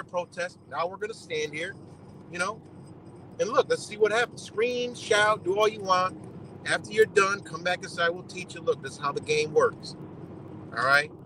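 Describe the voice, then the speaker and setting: A man's voice: sits high, sharp tone, slight background noise, low-quality recording. A man on a live stream giving blunt, profane commentary, lecturing his audience in a loose, heated rant.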